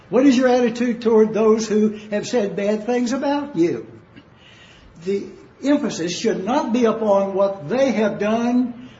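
Preacher, male, high-pitched, emphatic and repetitive, roomy lo-fi church recording. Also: a little mellow, slight background noise. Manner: emphatic, exclaiming and repeating phrases. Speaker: pastor. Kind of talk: sermon. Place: church sanctuary. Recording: echoey, dull lo-fi room recording.

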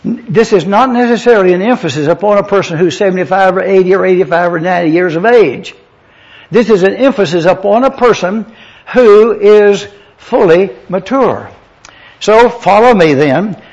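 A man's voice: high voice, moderate pace, a little mellow. A man preaching a teaching sermon, addressing the congregation directly and spelling words out letter by letter. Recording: dull lo-fi sound.

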